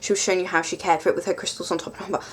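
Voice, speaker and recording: A woman's voice: lowish voice, level tone, rapid-fire, husky. A woman chatting casually through a tarot deck review, rambling and self-mocking with lots of ums.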